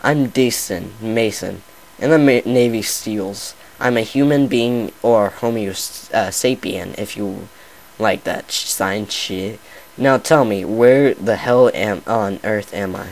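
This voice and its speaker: A man's voice: lowish voice, slow, creaky, poor audio. A man voicing an impatient, foul-mouthed male soldier who talks bluntly and makes demands.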